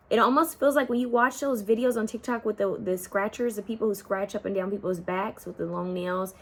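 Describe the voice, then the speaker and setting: A young woman talks straight to her viewers through a tarot reading. Her voice sits in a middle range, and she chats loosely, drifting now and then into half-sung song lyrics. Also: mid-range voice. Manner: chatty, addresses viewers as y'all, half-sings song lyrics. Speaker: tarot card reader. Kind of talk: intuitive pick-a-card reading.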